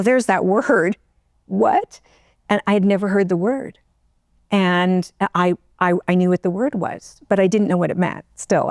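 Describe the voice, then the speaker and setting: A middle-aged woman, an interview guest, telling her own story in a halting, emotional way, close to tears, with many restarts. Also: fairly low pitch, gravelly, a little mellow, dry recording. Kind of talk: personal storytelling.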